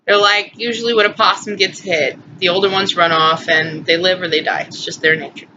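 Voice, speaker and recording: A woman's voice: fairly low pitch, steady tone, a little fast, bright, forceful tone. A woman in her twenties telling a personal story in a chatty, emotional, rambling way on a phone recording. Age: 20s. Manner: chatty, emotional, lots of "anyway" and asides. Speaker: vlogger. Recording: muffled phone audio with faint hiss.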